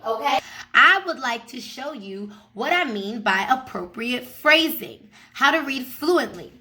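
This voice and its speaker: A woman teaching a first grade reading lesson in a slow, emphatic manner, often checking in with her pupils. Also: sits high, pushed and bright. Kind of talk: recorded classroom lesson. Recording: echoey room, mic far off.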